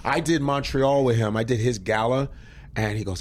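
A man who is a comedian, telling stories in casual podcast chat, animated and swearing, slipping into impressions. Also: medium pitch, moderate pace, a little hiss or hum. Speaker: comedian guest.

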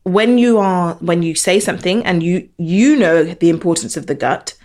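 A woman co-hosting a casual podcast, animated and lively as she tells stories. She slips into the voices of the people she quotes. Her voice is somewhat low for a woman. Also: moderate pace. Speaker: podcast co-host. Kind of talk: casual conversation.

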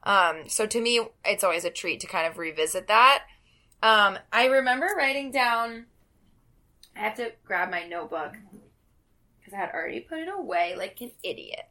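A woman's voice: medium pitch, lively intonation, moderate pace, sharp tone. A woman co-hosting a podcast in casual chat, chatty and hesitant, laughing easily. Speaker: podcast co-host.

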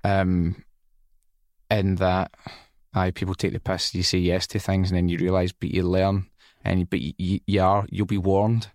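A Scottish man hosting a podcast, relaxed and chatty, swearing casually as he asks questions. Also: sits low, unhurried, dry recording, studio quality. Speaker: podcast host. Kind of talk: casual interview chat.

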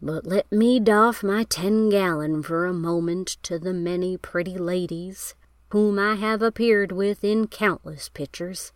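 A woman lends her voice to a gallant cowboy picture star of the 1930s. He speaks in an unhurried, folksy drawl, his voice pitched a little low, and the sound is dry and close. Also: no room sound. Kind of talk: reading a magazine quote in a put-on voice.

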